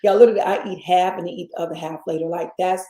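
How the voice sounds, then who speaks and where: Southern woman host, casual and rambling, warm tone, roomy sound. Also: fairly low pitch, steady tone, rapid-fire, slight background noise. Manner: chatty, addresses listeners as y'all, rambling asides. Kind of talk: casual chat. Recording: echoey room.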